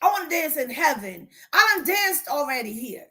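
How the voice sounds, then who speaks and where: A woman life coach speaking on a livestream to her viewers, animated and preachy. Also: high-pitched, moderate pace. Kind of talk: livestream motivational talk.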